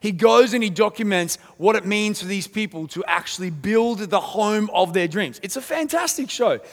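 A high-voiced man preaching from a church stage, his voice carrying a gravelly edge. He tells animated stories and acts out the people he quotes. The sound rings with a long reverb from the hall. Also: moderate pace. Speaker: pastor. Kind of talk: sermon. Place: church auditorium.

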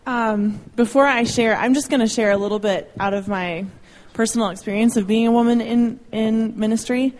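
A woman's voice: on the high side, steady tone, moderate pace, hardly any pauses, darkish tone. A young adult woman speaking informally to a church audience about ministry, chatty and self-deprecating, with light laughs. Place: church meeting room.

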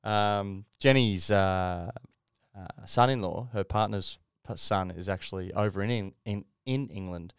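A man's voice: fairly low pitch, unhurried, smooth, no echo, clean studio sound. A middle-aged Australian man co-hosting a podcast in casual chat, laughing and swearing as he tells stories and acts out the people in them. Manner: laughing storyteller, swearing, acting out people he quotes. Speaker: podcast co-host.

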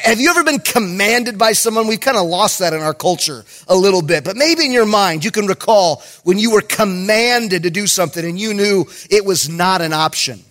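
A middle-aged man, a pastor, preaching a sermon with animated storytelling and emphatic points. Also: sits high.

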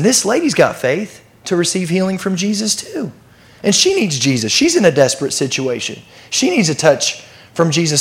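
A man preaching a sermon, his voice gravelly and a touch higher than most men's. He talks in a conversational way, stresses key phrases and often turns questions to the listeners. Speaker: pastor.

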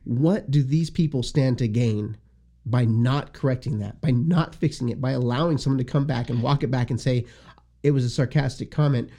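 A man's voice: medium pitch, mellow. Easygoing male podcast host. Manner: easygoing, quick questions, laughing asides. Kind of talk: casual chat.

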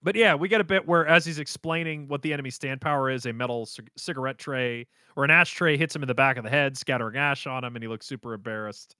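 A man in casual chat, recapping a show in a rambling, animated way. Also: mid-range voice, quick pace, few pauses, clean tone, no echo, studio quality. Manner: rambling, animated storytelling with fillers.

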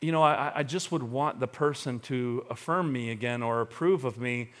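A man preaching a sermon as a pastor, talking earnestly and swinging between hushed, confessional moments and fervent emphasis. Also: mid-range voice, moderate pace.

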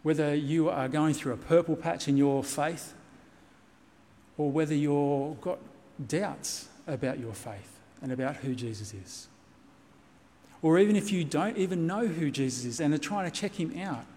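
A man's voice: fairly high pitch, unhurried, mellow, in a large hall. A man preaching a sermon as pastor, earnest and reassuring, repeating key points for emphasis. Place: church.

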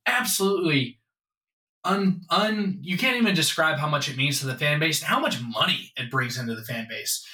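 A man co-hosts a casual sports podcast, emphatic and hyped as he talks up his own picks. His fairly high, bright voice has a forceful tone, picked up by a distant mic in an echoey room.

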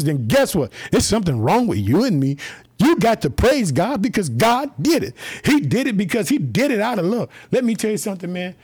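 A man from Chicago preaching a lively podcast sermon, fervent and excited, often shouting his praises. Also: sits high, a little fast, slightly rough. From Chicago, United States.

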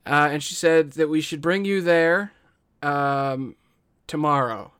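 A man's voice: fairly high pitch, slow pace, fairly bright tone, smooth, no echo, clean studio sound. A man voicing a nervous, eager young male bandit underling who stammers through his words. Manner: stammering, full of fillers.

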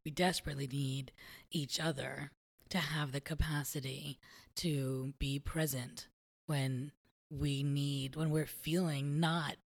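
A woman with a notably low voice tells a personal story in an easygoing conversation. She is reflective and laughs readily as she talks. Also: steady tone, takes it slowly, creaky. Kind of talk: conversational podcast chat.

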